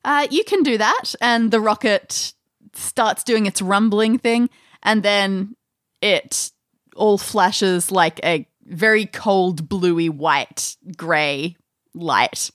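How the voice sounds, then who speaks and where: A woman's voice: mid-range voice, slow, no room sound, clean studio sound. A woman acting as game master, describing scenes in an escape-room game with light amusement.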